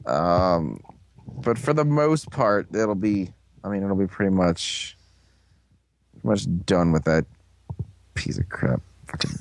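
A man's voice: low-pitched, expressive, slow pace, pauses often, no echo. A young man co-hosting a casual recap podcast, rambling and crude with a sarcastic edge. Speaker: podcast co-host.

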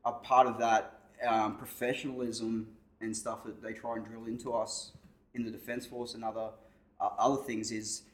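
A man's voice: mid-range voice, little pitch movement, normal speed. An Australian man co-hosting a podcast, talking through his views in a thoughtful, rambling casual chat. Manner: thoughtful, rambling, with restarts and swearing. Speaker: podcast co-host.

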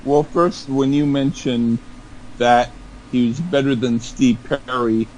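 A man's voice: medium pitch, steady tone, takes it slowly, darkish tone, a little hiss or hum, poor audio. A man co-hosting a casual podcast, joking around and stammering on repeated words. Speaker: podcast co-host.

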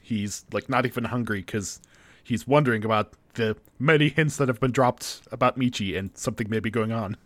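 A man recaps episodes casually with a co-host, slipping into quoted lines now and then. His voice sits at an ordinary pitch. The recording is close and dry, with no room sound. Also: a little fast, no room sound. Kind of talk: casual chat.

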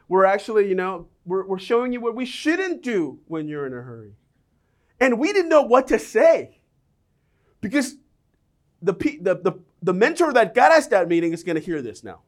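A middle-aged man preaching a sermon, telling personal stories with lively, animated delivery and voicing the people in them. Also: sits high. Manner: animated storytelling, acts out quoted voices.

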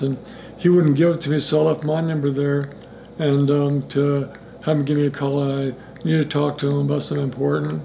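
A man's voice: on the high side, little pitch movement, fairly quick, creaky, mellow, a little hiss or hum. A middle-aged man telling a personal recovery story in a rambling way, full of restarts and acted-out dialogue. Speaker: interviewee in recovery.

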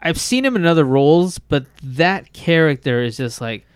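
A man's voice: on the high side, lively intonation, normal speed, smooth, no room sound, clean studio sound. A man co-hosting a casual podcast chat, talking enthusiastically and rambling with lots of "like". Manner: enthusiastic, rambling, heavy use of "like". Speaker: podcast co-host.

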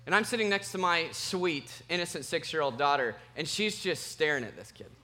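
Bright-voiced animated male pastor. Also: a little high, a little fast, slight background noise. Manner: animated, self-mocking storyteller. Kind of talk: sermon with a personal story.

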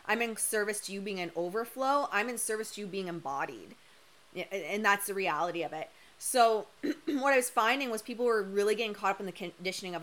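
A woman's voice: medium pitch, lively intonation, fairly quick, a bit bright. Candid, emphatic woman coach, voice worn. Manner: candid and emphatic, with casual swearing. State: losing her voice. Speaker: human design coach. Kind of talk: live-stream monologue.

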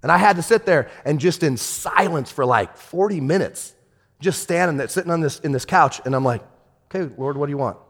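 A man pastor preaching with a high, ringing voice. He swings from shouted, stern rebukes down to near-whispered, tender storytelling. His voice trails off into a long reverb, as in a large hall. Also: fairly quick, creaky. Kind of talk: sermon.

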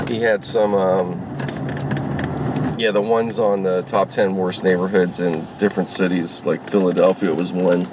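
A man's voice: on the low side, noisy background. A man rambling casually while vlogging from inside his car as a rideshare driver, full of fillers, restarts and swearing. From Los Angeles.

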